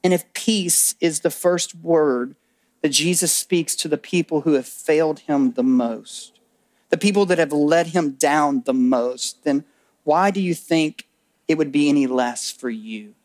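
A male pastor preaches with a slightly high voice. He tells the story with animated energy, then drops to a hush when he stresses key words. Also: a little slow. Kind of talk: sermon. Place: church auditorium.

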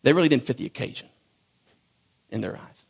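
Folksy preacher man with a gravelly voice. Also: mid-range voice, lively intonation, brisk. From rural farm background. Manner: conversational, folksy preaching with swings from loud to hushed. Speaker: pastor. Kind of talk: sermon.

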